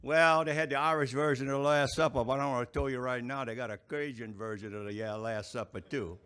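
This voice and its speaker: A man, the event's emcee, telling a joke in a rambling, halting way and chuckling at his own lines. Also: mid-range voice, steady tone, a bit bright, clear, resonant tone.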